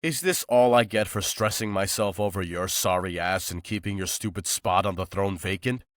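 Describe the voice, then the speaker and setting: A man's voice: on the low side, sing-song, moderate pace, a bit bright, dry recording, studio quality. Man putting on a Jason, a fussing, dramatic werewolf. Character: excitable young male werewolf, Damon's best friend. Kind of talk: audiobook character voice.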